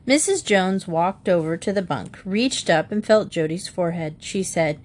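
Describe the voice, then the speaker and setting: A woman narrating a children's storybook in a clear, even way. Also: lowish voice, moderate pace, hardly any pauses. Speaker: audiobook narrator.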